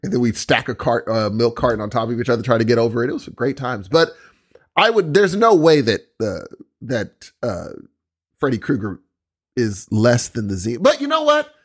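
A man's voice: medium pitch, sing-song, moderate pace. A middle-aged man co-hosting a podcast in casual chat, joking and trailing off mid-sentence, a bit under the weather. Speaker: podcast co-host.

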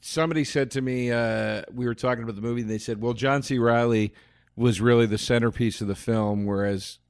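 Male podcast co-host, casual movie talk, mid-pitched voice, dry studio sound, prone to false starts. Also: fairly even intonation, fairly quick, clean tone, dry recording. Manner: rambling, stammering restarts, dry storytelling. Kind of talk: casual movie review chat.

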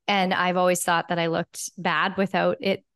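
A woman's voice: lowish voice, flat delivery, moderate pace, fairly bright tone. A woman co-hosting a podcast about love and relationships, telling a personal story in a candid, emotional way with casual swearing. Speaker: podcast co-host. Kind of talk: casual chat.

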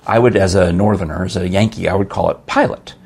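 A man's voice: low-pitched, steady tone, quick pace, gravelly, darkish tone, husky. A man from New York with a New York accent, chatting casually and telling rambling, playful stories. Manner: rambling storyteller, playful, laughs often. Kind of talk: casual chat.

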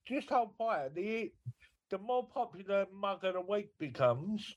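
A man joining a casual podcast chat over a video call, blunt and cheeky with deadpan jokes. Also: high-pitched, unhurried. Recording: dull remote video-call audio.

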